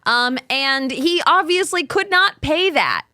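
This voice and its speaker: Woman cohost, higher voice, swings up and down a lot, dry close sound. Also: expressive, bright, forceful tone, no room sound. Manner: reactive listener with quick interjections. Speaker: podcast co-host. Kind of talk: casual chat.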